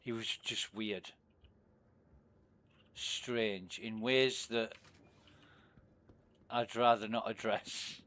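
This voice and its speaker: A man chatting casually on a game livestream, telling a rambling, profane story, often trailing off into low mumbles. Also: steady tone, very slow, pauses often, a bit bright. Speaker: game streamer.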